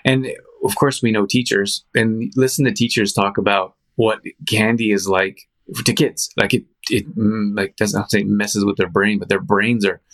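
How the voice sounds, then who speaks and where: A man hosting a show, chatting casually in a rambling, animated storytelling way with frequent restarts and fillers. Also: on the low side, normal speed. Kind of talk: casual chat.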